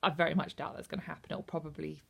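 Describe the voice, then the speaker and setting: Gravelly-voiced woman rambling through a book review. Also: sits low, little pitch movement, racing, fairly bright tone. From United Kingdom. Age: 30s. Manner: rambling, hesitant, many ums. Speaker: book vlogger. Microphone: camera.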